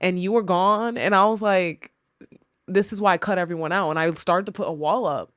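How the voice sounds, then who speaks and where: Her voice lowish and her intonation fairly even, a woman speaks at a moderate pace in a studio-quality recording without room sound. As guest and wife of the podcast's co-host, she candidly reflects on personal struggles, often voicing what she once thought.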